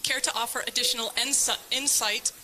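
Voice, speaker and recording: A woman in the audience speaks in a very bright, clear voice. She is playful and confident as she asks her question. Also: on the high side, steady tone, fairly quick, a little hiss or hum, rough recording. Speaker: audience member asking a question. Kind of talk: live Q&A.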